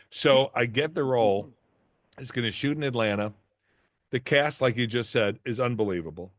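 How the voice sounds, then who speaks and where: A man's voice: medium pitch, moderate pace, dry recording, studio quality. Middle-aged man telling self-deprecating stories. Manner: animated, self-deprecating anecdotes with many restarts. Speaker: actor and guest. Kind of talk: casual interview storytelling.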